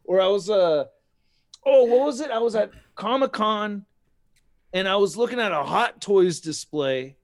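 Excitable high-voiced man telling stories. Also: moderate pace, dry recording, studio quality. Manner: excitable, rambling storyteller with many restarts. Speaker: podcast guest, toy collector. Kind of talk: casual chat.

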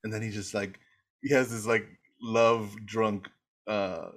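A man's voice: on the low side, little pitch movement, unhurried, fairly bright tone. A man co-hosting a casual podcast, rambling through a film retelling with frequent laughs. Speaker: podcast co-host. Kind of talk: casual rewatch chat.

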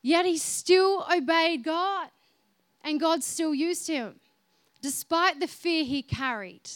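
A woman's voice: very high-pitched, takes it slowly, no room sound, clean studio sound. A woman preaching a conversational sermon, chatty and informal, speaking directly to her listeners.

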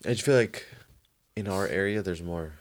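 Podcast co-host, man, very deep voice, quick questions and asides. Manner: short questions and agreeing interjections. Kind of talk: casual chat.

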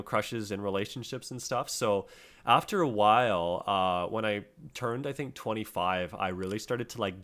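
A man's voice: lowish voice, a bit bright. A young man co-hosting a podcast, chatting casually and telling a rambling story full of fillers. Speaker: podcast co-host.

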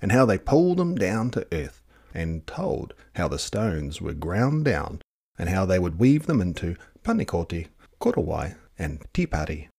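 A man reading a picture book aloud with lively storytelling. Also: moderate pace, breathy edge. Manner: lively storytelling with high voices for characters. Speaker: storybook reader.

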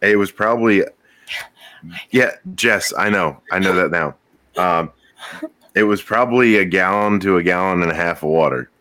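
A man's voice: low-pitched, normal speed, pauses often, sharp tone. A man in casual chat who tells what happened step by step, bluntly and with some swearing.

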